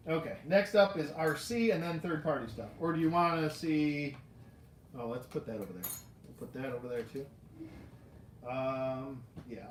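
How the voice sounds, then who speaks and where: A toy collector rambles casually through a live unboxing, joking at their own expense, talking to the figures and laughing often. The mid-range voice sounds roomy, with a little hiss or hum.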